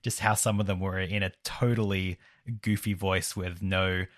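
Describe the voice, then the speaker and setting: Easygoing low-voiced man in a dry room. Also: level tone, normal speed, no echo. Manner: easygoing, laughs often. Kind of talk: casual game discussion.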